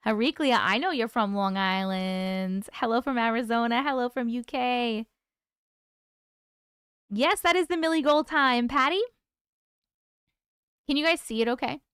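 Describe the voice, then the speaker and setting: A woman's voice: sits high, fairly bright tone, clear, resonant tone, dry recording, studio quality. A woman hosting a casual livestream, reading out viewer comments and greeting people by name in a chatty, affectionate way. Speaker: livestream host.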